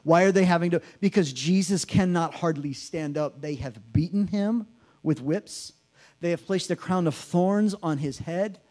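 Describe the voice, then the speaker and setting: A man's voice: on the high side, a little slow, warm tone. A man preaching a sermon, reading scripture aloud and acting out the mocking voices with drama. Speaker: pastor.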